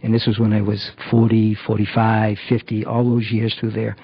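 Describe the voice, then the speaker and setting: A middle-aged man giving a halting personal testimony about recovery, full of fillers and restarts. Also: lowish voice, monotone, slightly rough, no echo, lo-fi sound. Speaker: recovery program member.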